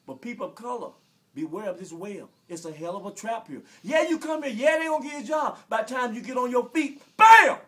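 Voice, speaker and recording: A man in his forties from Arkansas with a Southern American accent, delivering an emotional, preachy rant that repeats phrases and bursts into shouts. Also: very high-pitched, fairly quick. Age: 40s. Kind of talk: impassioned direct-to-camera rant.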